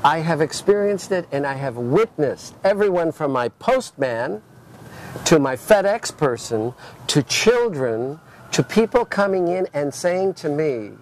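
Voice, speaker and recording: A man's voice: a little high, expressive, measured pace, a little hiss or hum. Stammering man telling gallery stories. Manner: stammers and restarts, repeating words as he tells a story. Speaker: art dealer. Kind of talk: casual conversation, telling anecdotes. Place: restaurant.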